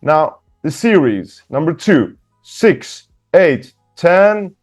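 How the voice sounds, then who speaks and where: A man teaching beginner through a workbook, patient, slowly spelling out sounds and repeating words. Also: on the high side, sing-song, a little mellow, faint music behind. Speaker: English teacher. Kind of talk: slow workbook lesson for beginners.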